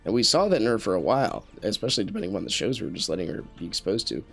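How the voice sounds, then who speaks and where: A man's voice: fairly low pitch, sing-song, very fast, vocal fry, fairly bright tone, breathy edge, faint music behind. A man giving casual commentary while playing a game, talking in an earnest, rambling way with many restarts and fillers into a USB studio microphone. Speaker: gameplay commentator.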